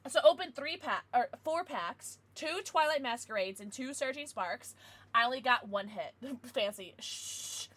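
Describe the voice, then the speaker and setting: A young adult woman streamer chatting casually with her viewers, with excited outbursts. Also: on the high side, normal speed, no room sound. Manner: chatty, answers viewers, bursts of excited squeals. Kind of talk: casual live-stream chat.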